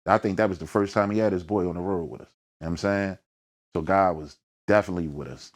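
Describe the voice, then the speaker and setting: A low-voiced man with a Philadelphia accent sits down for an interview about his rap career. He talks in thick slang and tells his stories with energy, acting out the voices and sounds in them. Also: quick pace. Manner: slangy, peppered with "you know what I mean". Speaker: rapper, interview guest. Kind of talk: storytelling in a sit-down interview.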